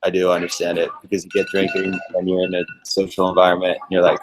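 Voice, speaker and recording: A man with a hoarse, smoke-roughened throat, chatting loosely on a video call. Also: deep voice, monotone, fast, a little hiss or hum, low-quality recording. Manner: laid-back, rambling with many likes. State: hoarse from smoking. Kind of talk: casual chat.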